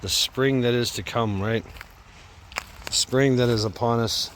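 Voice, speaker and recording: A man's voice: mid-range voice, fairly even intonation, measured pace, slight background noise. A man out of breath, chatting casually and laughing at himself as he records a vlog on his phone while walking outdoors by a creek. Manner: laid-back, rambling, laughs at himself. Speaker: vlogger. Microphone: phone held while walking.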